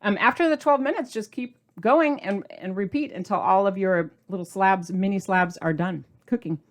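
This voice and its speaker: A woman's voice: mid-range voice, normal speed. Bubbly middle-aged female cooking host, casual and effusive. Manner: bubbly, gushing, chatty; talks while eating. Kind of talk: casual cooking demo chat.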